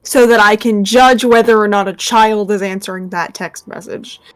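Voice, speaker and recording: A woman's voice: mid-range voice, fairly even intonation, normal speed. A woman player in a tabletop game, talking casually with lots of hesitations and the odd swear. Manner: chatty, hesitant, full of fillers, swears casually.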